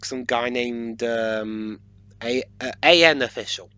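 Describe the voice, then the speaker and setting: A man's voice: mid-range voice, slow, sharp tone, clear, resonant tone, no room sound, muffled recording. A man co-hosting a casual watch-along commentary, joking and playful, with frequent laughs. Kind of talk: casual chat.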